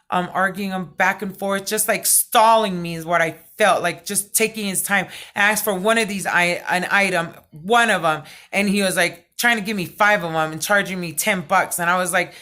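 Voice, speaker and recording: Middle-aged lady ranting her story on a vlog, loud and stern, bright sharp voice. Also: mid-range voice, moderate pace. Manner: loud, stern, excitable storyteller, lots of fillers. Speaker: vlogger.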